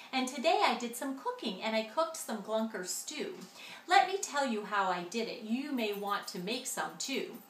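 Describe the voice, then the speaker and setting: A woman voicing a chatty, carefree male glunk creature who rattles on in quick patter. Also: high-pitched, fairly bright tone, roomy sound, recorded from a distance, a little hiss or hum. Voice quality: rapid gabbing patter.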